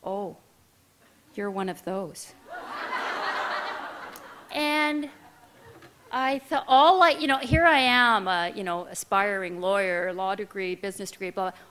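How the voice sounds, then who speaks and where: A woman's voice: mid-range voice, steady tone, moderate pace, fairly bright tone, a little hiss or hum. A middle-aged woman giving a speech, telling a personal story to an audience in a candid, self-deprecating way. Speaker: keynote speaker.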